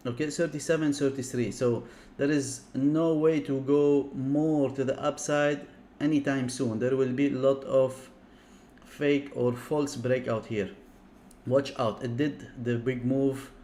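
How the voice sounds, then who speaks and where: A man hosting a live stream, talking viewers through charts in a chatty way, repeating words in quick bursts and often apologizing. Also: medium pitch, darkish tone. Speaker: livestream trading analyst.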